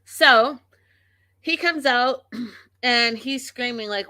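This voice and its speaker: Slow-talking bright-voiced woman recap host. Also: medium pitch, animated, no room sound. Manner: blunt, emphatic, profane ranting. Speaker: show host. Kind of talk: casual reality TV recap.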